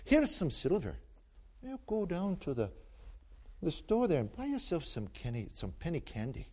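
A man's voice: fairly high pitch, huge pitch swings, normal speed, darkish tone, voice pushed up. Man putting on a scolding old Irish granny. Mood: bossy. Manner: scolding, threatening. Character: stern tiny old Irish grandmother.

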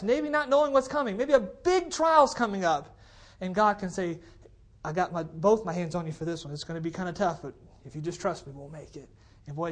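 A pastor preaching a conversational sermon on a cordless mic in a church, repeating phrases for emphasis and often checking in with the congregation. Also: male voice, sits high. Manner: conversational preaching, checks in with "okay? all right?". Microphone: cordless handheld mic.

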